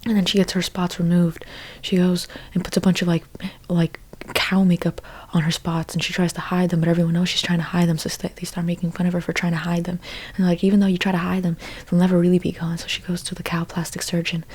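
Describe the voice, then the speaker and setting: A woman's voice: fairly low pitch, monotone, quick pace, darkish tone, breathy edge. A young woman in whispered role-play, rambling through an absurd monologue in a mostly whispered voice, stumbling and restarting often. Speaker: ASMR creator.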